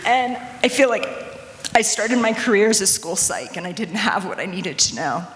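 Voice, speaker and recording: A woman's voice: medium pitch, normal speed, a bit bright. A woman speaking as a parent advocate in an audience, earnest and emotional, her voice close to tears. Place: conference hall. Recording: long reverb of a large hall.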